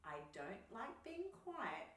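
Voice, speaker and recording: A woman voicing a loud, boisterous little storybook squirrel who shouts with excitement, recorded in a roomy space from a distance. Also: on the high side, takes it slowly, voice pushed up, exaggerated voice.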